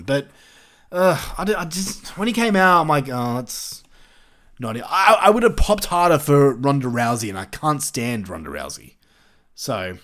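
A man ranting through casual solo commentary, swearing freely and sounding exasperated. His voice sits a bit high for a man and swings lively up and down. He hosts his own review show and talks straight to the listener. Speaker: wrestling review show host.

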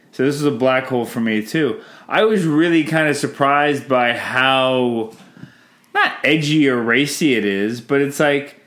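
A man hosting a casual family podcast at home, gently coaxing his kids with questions and often restarting his sentences. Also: mid-range voice. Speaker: podcast host interviewing his children. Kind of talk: casual family chat about a movie. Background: faint cleaning noise.

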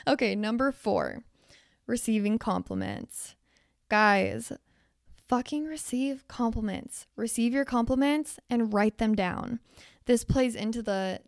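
Raspy young woman giving blunt pep talk. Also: medium pitch, no echo, studio quality. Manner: emphatic, blunt, swears casually. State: hoarse, losing her voice. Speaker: podcast host. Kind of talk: casual motivational talk.

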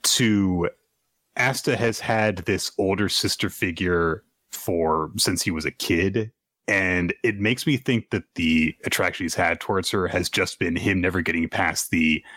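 A man co-hosting a casual manga discussion, retelling scenes animatedly and jumping into higher voices for quotes. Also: measured pace, fairly bright tone, no room sound, clean studio sound. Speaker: podcast co-host. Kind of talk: casual manga recap chat.

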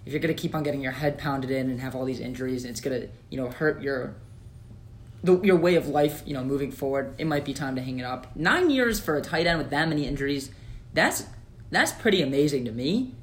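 A man co-hosting a casual sports podcast, opinionated and animated, with lots of fillers. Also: mid-range voice, a little fast. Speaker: podcast co-host.

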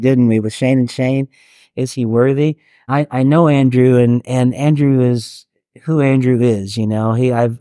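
An earnest middle-aged man speaks to a small group in a mellow, warm voice. He talks conversationally and keeps doubling back to restart his sentences. The sound is close and dry, with no room around it. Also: mid-range voice, dry recording. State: getting teary. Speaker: worship leader and chaplain teaching a workshop. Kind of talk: talk to a live group.

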